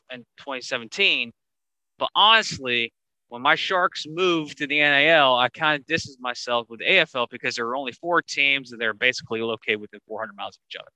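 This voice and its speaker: A man hosting a casual sports podcast, talking in an animated way that gets higher when he drives a point home. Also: no room sound, low-quality recording. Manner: animated, rising pitch when making a point. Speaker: podcast host.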